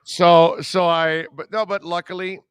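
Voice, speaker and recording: A man hosting a talk radio show, telling a rambling, animated personal story in casual conversation. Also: high voice, unhurried, clean tone, dry recording.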